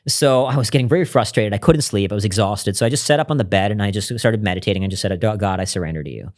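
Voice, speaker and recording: A man speaking as a guest on an interview podcast, in a lowish voice. He tells his story earnestly and reflectively, in conversation. At intimate moments he sinks into a quiet, hushed delivery. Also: fast.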